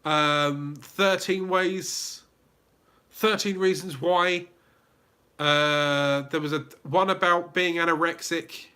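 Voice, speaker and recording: British guy doing a youtube livestream q&a, chatty, bright and a bit high voiced. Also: fairly even intonation, slow, smooth. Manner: chatty, greets viewers by name, laughs easily. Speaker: YouTube channel host. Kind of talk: livestream Q&A reading chat.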